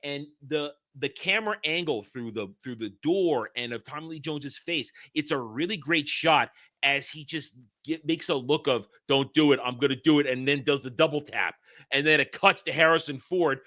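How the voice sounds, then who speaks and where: Bright-voiced excitable man chatting about movies. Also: on the high side, moderate pace. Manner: excitable, stumbles over words, acts out movie lines. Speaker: podcast co-host. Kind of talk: casual film discussion.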